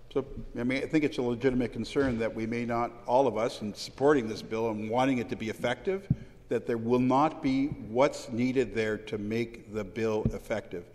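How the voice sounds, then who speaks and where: A man speaking in a parliamentary debate, personal and anecdotal, with halting restarts. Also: medium pitch, darkish tone. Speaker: legislator answering questions. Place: large legislative chamber. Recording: long reverb of a large hall.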